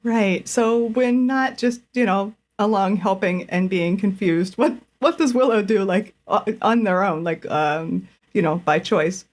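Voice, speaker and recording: A woman's voice: medium pitch, a little slow, few pauses. A woman playing a tabletop role-playing game, asking questions in a tentative way. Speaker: player. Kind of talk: tabletop role-play chat.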